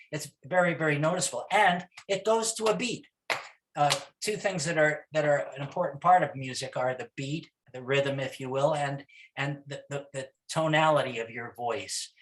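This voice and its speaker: Chatty man teaching music to kids. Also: on the high side. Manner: many restarts and fillers, bursts into loud rhythmic chants. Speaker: music teacher giving a talk. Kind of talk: informal lecture with chanting demos.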